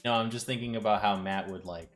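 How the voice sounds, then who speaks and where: A man's voice: lowish voice, quick pace, soft background music. A man chatting casually and joking while a game is read aloud.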